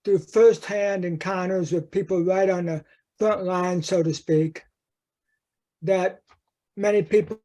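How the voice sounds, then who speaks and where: A man's voice: high-pitched, steady tone, takes it slowly, long pauses, dark tone. A man asking interview questions, rephrasing as he goes.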